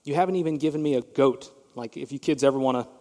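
Emphatic preacher in a reverberant hall. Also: male voice, medium pitch, quick pace, warm tone. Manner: emphatic storytelling, direct address to the congregation. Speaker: pastor. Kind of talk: sermon. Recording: long reverb of a large hall.

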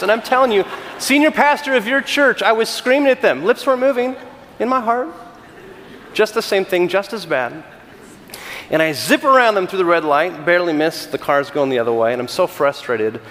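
A middle-aged man from California, a senior pastor giving a conversational sermon with animated, self-deprecating storytelling and frequent restarts. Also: high-pitched, brisk, in a large hall, slight background noise.

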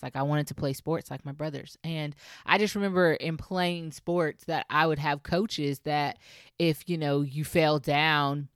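Woman podcast host, fairly low voice, dry close sound, emphatic, encouraging, casual monologue. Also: a bit bright, no room sound. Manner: emphatic, encouraging, repeats advice to listeners.

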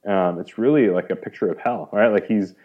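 Lowish-voiced man telling a story with animation. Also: fairly quick, lo-fi sound. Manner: animated storyteller, acts out quoted speech, many "like"s. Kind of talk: conversational interview explaining a parable.

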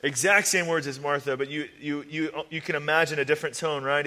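Bright-voiced man preaching in a hall. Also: on the high side, fairly even intonation, a little fast, hardly any pauses. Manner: earnest, repetitive emphasis, casual fillers. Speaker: pastor. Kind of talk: sermon.

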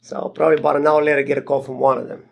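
Gravelly, husky man telling a story. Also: rapid-fire. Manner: rambling, restarts with many fillers; animated, jumps higher when quoting others. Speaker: podcast guest, landlord. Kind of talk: casual storytelling.

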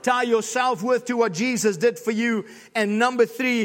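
Man pastor preaching a sermon, real high voice, big echoey church sound. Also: fairly even intonation, moderate pace, hardly any pauses. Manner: preaching with repeated emphatic lines, builds to shouts. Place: church sanctuary. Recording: long hall reverb.

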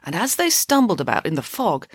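A woman reading a comic story aloud in a playful, expressive way. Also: fairly low pitch, a little fast, slightly rough, dry recording, studio quality.

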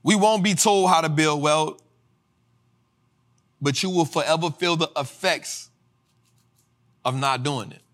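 A male host teaching personal finance to a live audience in a casual, slang-filled way, swinging into sermon-like, sung-out shouts. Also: on the high side, unhurried, pauses often. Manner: preacher-like cadence, rising to shouts. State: tired after a flight. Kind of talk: motivational livestream teaching.

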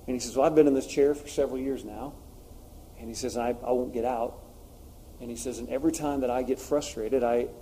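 A man's voice: mid-range voice, warm tone, slight background noise. A man preaching a sermon, telling personal stories in an earnest, confessional way with frequent fillers.

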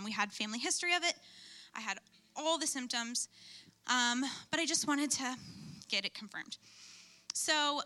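A young woman giving a personal testimony at church in a chatty, animated storytelling way. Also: on the high side. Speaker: speaker at church.

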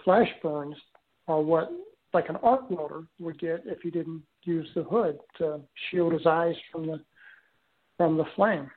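This guest speaks at a measured pace in a fairly high voice, recounting a long story from his own life. It comes through a tinny phone connection, loose and meandering, full of filler words and restarts.

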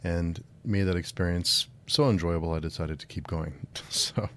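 A man's voice: sits low, fairly even intonation, normal speed, a bit bright. A man hosting a book channel, chatting casually and then reading a science fiction short story aloud. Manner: friendly, with filler words and restarts.

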